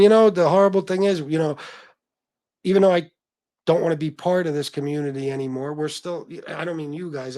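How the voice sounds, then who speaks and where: A man with a slightly high voice hosts a casual livestream, reading viewer comments aloud and answering them in a blunt, profane way. He calls his viewers bro. The sound is dry and close to the mic. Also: dark tone, no echo. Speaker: livestream host.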